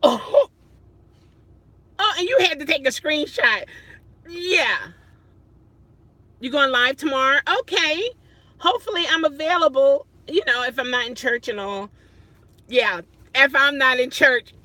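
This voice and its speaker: A high, bright-toned woman talks slowly and unhurriedly in a casual livestream chat from her parked car at night. She sounds flustered, exclaiming often and laughing at herself as she talks to viewers through her phone. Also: lively intonation, no room sound. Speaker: rideshare driver livestreaming.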